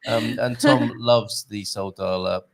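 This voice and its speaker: A man co-hosting a casual online show, giving warm praise with stumbling restarts. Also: lowish voice, steady tone, slow pace. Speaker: co-host. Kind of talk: casual livestream chat.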